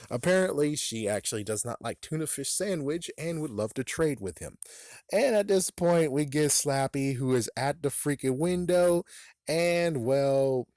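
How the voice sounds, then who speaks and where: A man giving a casual, animated spoken book review, cursing often and acting out characters' lines in quick bursts. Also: mid-range voice, dry recording, studio quality.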